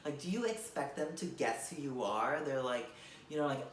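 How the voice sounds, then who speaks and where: A young man doing stand-up, rambling and padding every thought with fillers. His voice sits at an ordinary pitch and reaches the mic from a distance. The room around him is echoey. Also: normal speed, a little hiss or hum. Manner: rambling, filler-heavy delivery with many likes and you knows. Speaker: stand-up comedian. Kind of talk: stand-up comedy set.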